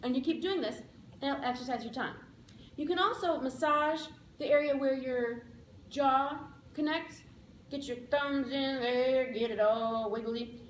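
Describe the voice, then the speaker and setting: A woman giving a playful, upbeat speech of practical advice to a speaking club, with emphatic slowed-down lines. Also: high-pitched. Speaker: public speaker. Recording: echoey room, faint background noise.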